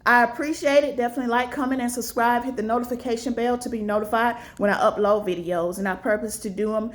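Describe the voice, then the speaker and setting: Speaking fast with fairly even intonation, this woman vlogger earnestly preaches to her viewers, encouraging them to fight for themselves in a casual manner. She acts out small dialogues with big jumps in pitch.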